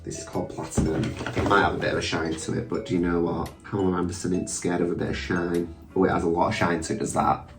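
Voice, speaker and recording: A man's voice: sits low, little pitch movement, quick pace, gravelly, hardly any pauses, reverberant, recorded from a distance, soft background music. A young man, chatting casually and mockingly about himself through a drag makeup tutorial, with sweary asides. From England. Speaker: drag queen vlogger.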